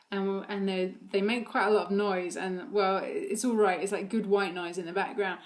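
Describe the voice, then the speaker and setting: A woman's voice: medium pitch, steady tone, moderate pace, hardly any pauses. Chatty mother vlogging with many ums. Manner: chatty, many fillers, laughs often. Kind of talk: casual chat about her toddler.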